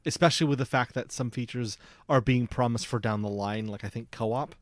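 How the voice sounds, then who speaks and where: A man's voice: medium pitch, fairly quick, no echo, studio quality. A man co-hosting a podcast in casual chat, easygoing and asking questions. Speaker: podcast co-host.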